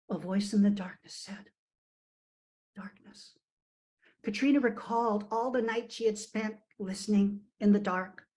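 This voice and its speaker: Woman giving an expressive fiction reading. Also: fairly high pitch, rough recording. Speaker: author. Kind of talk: reading her fiction aloud. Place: remote virtual reading.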